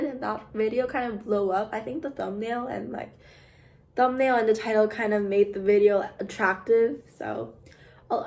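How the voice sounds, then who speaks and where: Chatty young woman, slightly high voice. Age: young adult. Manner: chatty, rambling, many fillers, drops to soft asides. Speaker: vlogger, art student. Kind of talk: casual chat.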